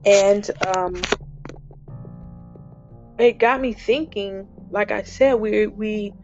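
A woman's voice: medium pitch, drawn-out words. A woman hosting a devotional podcast, speaking earnestly and repeating her phrases for emphasis. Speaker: podcast host. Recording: dull lo-fi recording, faint music.

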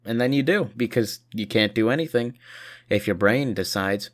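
A man's voice: mid-range voice, moderate pace. A tired man rambling profanely through a casual video monologue, short on sleep. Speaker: vlogger.

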